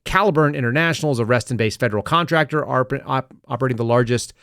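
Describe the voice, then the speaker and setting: A man's voice: mid-range voice, fast talker, fairly bright tone, clear, resonant tone, no room sound, clean studio sound. A man hosting a podcast, delivering sarcastic, rambling political commentary with frequent restarts. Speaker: podcast host.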